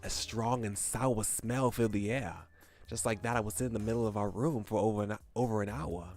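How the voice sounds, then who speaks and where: A man reading game text aloud as a young male high-school student telling his own story, with lively exclamations. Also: brisk, soft background music, natural voice.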